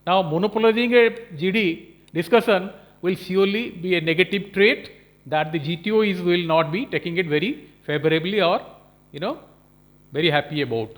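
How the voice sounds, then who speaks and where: A professor lectures in a high voice. He explains each point step by step and keeps checking in with his listeners. He sounds like a man giving a recorded lesson. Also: moderate pace. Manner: explanatory, checks in with frequent "Okay?" and "you know". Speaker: professor lecturing on management skills.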